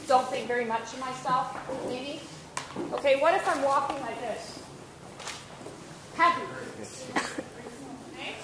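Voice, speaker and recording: A woman presenter leading an interactive talk with teenagers, upbeat and asking the class questions. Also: sits high. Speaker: workshop presenter. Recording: echoey room, faint noise.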